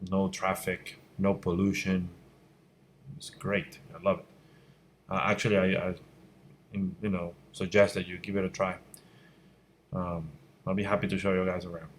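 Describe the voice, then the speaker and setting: A man's voice: low-pitched, a little hiss or hum. A middle-aged man from Venezuela, a visual effects instructor answering viewer questions at home at night in a candid, blunt way that turns emphatic. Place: room at home at night by a window. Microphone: fixed mic, voice fades when he turns away.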